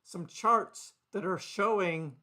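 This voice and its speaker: Speaking slowly in a high, sharp voice, this crypto streamer chats loosely into his desk microphone during a live market broadcast. He laughs a lot, wanders from point to point, and calls out viewers in his chat by name.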